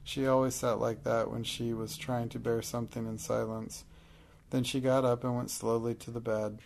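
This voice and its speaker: A man narrating an audiobook in a steady, measured way. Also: medium pitch, vocal fry, a little hiss or hum.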